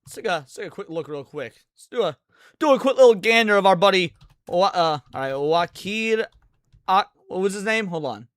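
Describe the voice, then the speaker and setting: A man's voice: high-pitched, lively intonation, normal speed, fairly bright tone, smooth, no room sound, studio quality. A man hosting a casual commentary show, making sarcastic, mocking asides and answering questions from chat. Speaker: host.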